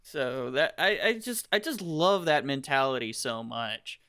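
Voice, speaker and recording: A man's voice: medium pitch, lively intonation, a little slow, sharp tone, clear, resonant tone, dry recording, studio quality. A man on a casual podcast who often affirms the other speaker and restarts his sentences while thinking. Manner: affirming listener, hesitant restarts when explaining.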